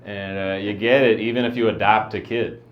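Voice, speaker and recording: A man doing a stand-up set, mumbling in a flat deadpan. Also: on the low side, moderate pace, echoey room. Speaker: stand-up comedian. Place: comedy venue with a live audience. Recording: dull lo-fi live recording with crowd.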